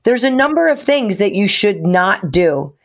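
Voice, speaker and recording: A woman co-hosts a talk radio show and walks listeners through home loan advice. She sounds practical and explains things in a casual way. Her voice sits at a middle pitch. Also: sing-song, measured pace. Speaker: mortgage lender, radio co-host.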